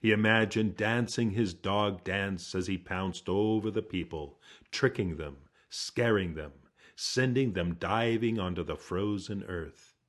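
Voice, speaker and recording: A male storyteller with a lowish voice narrating a folk tale. He takes his time, letting phrases hang and dropping into a hush for dramatic moments. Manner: slow, hushed, dramatic telling.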